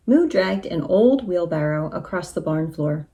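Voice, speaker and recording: A woman teacher reading a children's storybook aloud in an expressive, animated way. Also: lowish voice, measured pace, few pauses.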